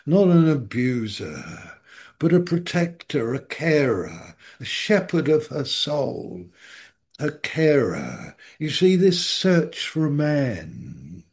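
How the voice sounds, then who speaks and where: A man preaching a sermon, halting and repeating his phrases for emphasis. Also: a little high, sing-song, husky. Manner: halting and repetitive, with emphatic restatements.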